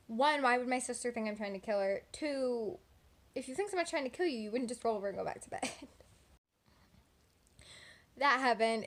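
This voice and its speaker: Chatty eighteen-year-old woman from Texas. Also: a little high. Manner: chatty, rambling, frequent "like" and "um". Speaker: vlogger. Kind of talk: casual storytelling vlog. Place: home at night. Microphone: phone camera.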